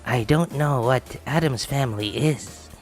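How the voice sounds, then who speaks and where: A man putting on the voice of a gruff, wolf-raised young man from a game, growling a little and sitting back from the mic. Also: mid-range voice, measured pace, faint music behind, lightly acted.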